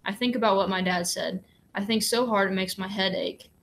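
A woman reading a novel aloud in a measured, gentle way. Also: medium pitch, fairly even intonation, slight background noise. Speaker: audiobook reader.

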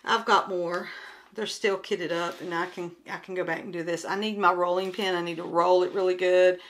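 Chatty woman with a bright voice. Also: lowish voice, fairly even intonation, normal speed. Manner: rambling, chatty, many restarts and fillers. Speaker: craft vlogger. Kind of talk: casual chat while showing crafts.

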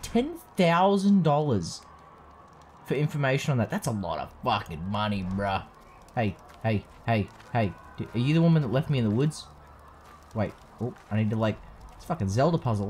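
Young male let's-player, lively swearing banter, animated pitch, game music faint behind. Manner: profane, joking, animated. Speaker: let's play host. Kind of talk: casual gameplay commentary.

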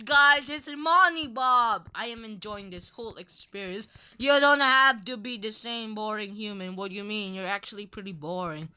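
A woman's voice: fairly high pitch, normal speed, hardly any pauses, pushed and bright, clean tone. A young woman giving playful, teasing commentary while playing an online game, laughing often. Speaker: gaming channel host. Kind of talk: Roblox gameplay commentary.

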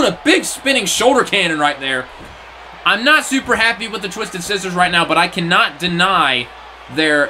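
Young guy calling a wrestling game, high bright voice, jumps all over, shouts at big moves, a bit of hiss. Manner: animated, rising to shouts at big moves, exasperated asides. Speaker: play-by-play commentator. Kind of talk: excited video game wrestling commentary.

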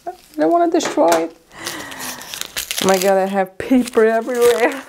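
Beauty vlogger lady, pretty low voice, gets super excited and squealy, paper crinkling, bit of faint noise. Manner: excitable and emotional, squealing with delight. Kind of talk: casual unboxing vlog.

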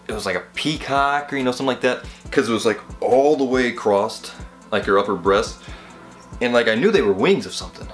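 A young man vlogger telling college stories in a casual, rambling, animated way, full of fillers. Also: medium pitch. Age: young adult. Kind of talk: casual storytelling vlog.

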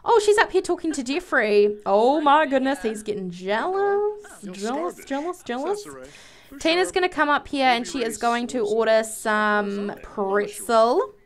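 A woman giving casual, excitable commentary while playing a life-simulation game, giggling and exclaiming often. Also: a little high, unhurried. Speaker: let's play gamer.

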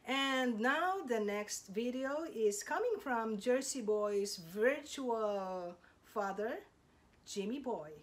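A woman's voice: fairly high pitch, expressive, a little hiss or hum. A woman hosting her channel's reveal compilation, gushing and thanking each contributor. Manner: gushing, slow, lots of thanks. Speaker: channel host. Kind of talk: casual video presentation.

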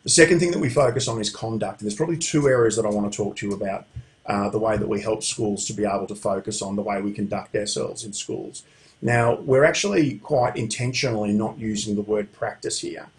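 A man's voice: lowish voice, brisk. A middle-aged man giving a conference talk, telling stories and chuckling at his own anecdotes. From Australia. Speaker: conference speaker. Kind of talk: storytelling presentation.

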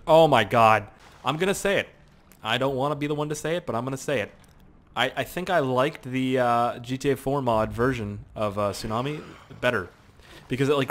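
A young man giving casual, excitable commentary while playing a video game, swearing and exclaiming often. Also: medium pitch. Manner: excitable and profane, frequent exclamations and laughs. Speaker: gameplay commentator.

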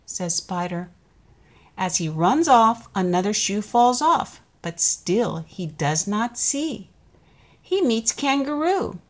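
A woman reading a children's picture book aloud, slow and expressive. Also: medium pitch. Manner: slow, expressive, sing-song. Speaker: storybook reader.

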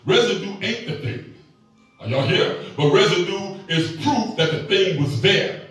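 High-voiced preacher in an echoey hall. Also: male voice, unhurried, recorded from a distance, soft background music. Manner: animated, joking with the congregation. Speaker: pastor. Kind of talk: sermon.

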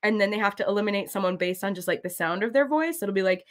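An American woman in her thirties hosting her cross-stitch channel, chatting casually in a rambling, giggly way, full of "like" and "um". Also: mid-range voice. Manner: rambling and giggly, full of "like" and "um", often trails into quick laughs. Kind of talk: chatty talk while stitching.

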